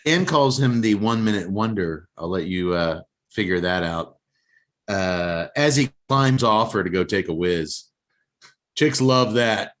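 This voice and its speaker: A man's voice: fairly low pitch, lively intonation, measured pace, a bit bright. A man co-hosting a casual podcast, telling a movie plot as a joking storyteller. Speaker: podcast co-host. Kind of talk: casual chat and movie recap.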